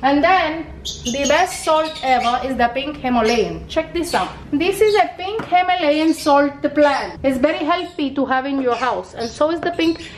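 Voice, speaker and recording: A woman's voice: high-pitched, expressive, measured pace, roomy sound, slight background noise. A woman giving a home cooking demonstration as the family aunt, blunt and bossy, checking in with "okay?" again and again. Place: home kitchen. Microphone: camera held by someone else.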